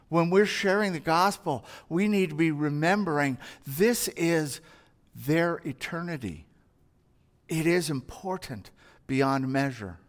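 Earnest high-voiced man preaching slowly. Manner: earnest, conversational, acts out everyday dialogue and asks rhetorical questions. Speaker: pastor. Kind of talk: sermon.

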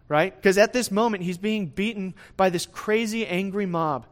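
A male preacher teaches through a scripture passage in an easy, conversational sermon. His voice sits a touch higher than most men's. He leans into phrases with bursts of energy, then drops back down, and keeps checking in with his listeners. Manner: conversational, often asks "right?" to the listeners; lively swings in loudness, speeds up and slows down.

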